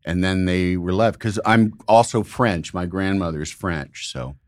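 A middle-aged man from Illinois, hosting a podcast and telling rambling, animated stories in casual conversation. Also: low voice, measured pace, no echo, clean studio sound. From Illinois, United States. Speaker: podcast host.

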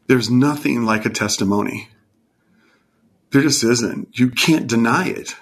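A man in his fifties from California, earnestly sharing a heartfelt personal testimony in conversation, his voice sometimes dropping to a hushed near-whisper. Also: medium pitch, a little slow. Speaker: guest.

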